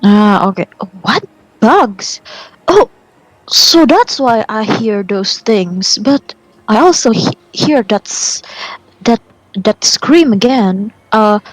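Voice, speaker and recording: A woman with English as a second language, playing a tabletop game and asking halting questions. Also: fairly high pitch, animated, dry recording, rough recording. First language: non-native English speaker. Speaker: player.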